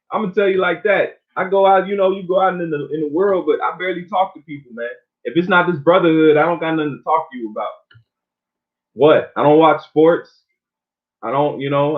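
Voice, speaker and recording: A man preaching an informal sermon, reading scripture slowly and then talking it over loosely, often ending lines with "man.". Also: a little high. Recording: phone-like narrow sound.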